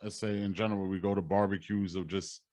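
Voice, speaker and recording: A man's voice: deep voice, steady tone, fast, mellow, dry recording. Laid-back slangy male podcast co-host. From Puerto Rican heritage. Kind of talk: casual chat.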